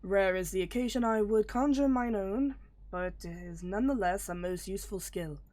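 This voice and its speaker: A sick woman reading the lines of a solemn male scholar mage, slow and formal. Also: medium pitch, darkish tone, lightly acted.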